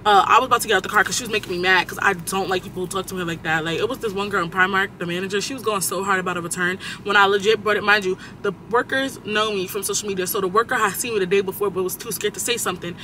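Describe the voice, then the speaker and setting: Young male vlogger, high and very bright voice, swears freely and hops between stories while sitting in a car. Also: very fast, hardly any pauses, a little hiss or hum, poor audio. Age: young adult. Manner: animated, profane, jumps between topics. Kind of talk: casual storytime while driving. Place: inside a car.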